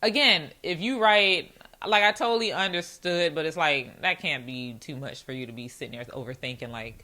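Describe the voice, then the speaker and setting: A woman in her thirties hosting a casual podcast, telling a dating story bluntly, laughing often and acting out quotes in a higher voice. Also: lively intonation, moderate pace, sharp tone. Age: 30s. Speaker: podcast host.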